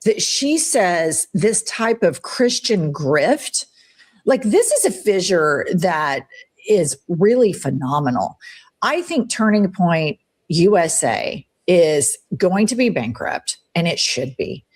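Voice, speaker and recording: A woman's voice: lowish voice, very animated, slow pace, breathy edge. A woman hosting a show, giving heated, profane political commentary with swooping emphasis. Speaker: show host.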